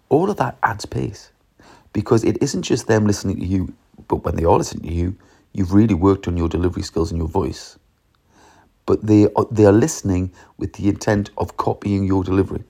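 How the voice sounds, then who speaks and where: Gravelly low-voiced man explaining teaching. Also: a little mellow. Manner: emphatic, demonstrative, acts out classroom instructions. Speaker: teacher and podcast host. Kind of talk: solo podcast talk on teaching.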